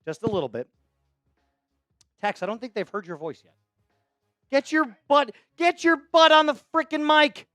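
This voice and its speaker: A man's voice: very high voice, sing-song, moderate pace, pauses often, no room sound, faint music behind. Male stream host, upbeat and chatty, thanking donors; dry close sound. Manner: hyped, shouting out chat donors. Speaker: livestream host. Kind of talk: live sports play-by-play stream.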